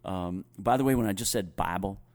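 Low-voiced Southern pastor chatting. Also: male voice, fairly quick, warm tone. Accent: softened Southern US. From North Carolina, US. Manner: thoughtful, restarts often, chuckles while telling stories. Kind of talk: conversational podcast chat.

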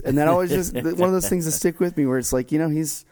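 A man's voice: fairly high pitch, fast, hardly any pauses, warm tone. A man co-hosting a casual chat, rambling and self-deprecating with many restarts. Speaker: co-host.

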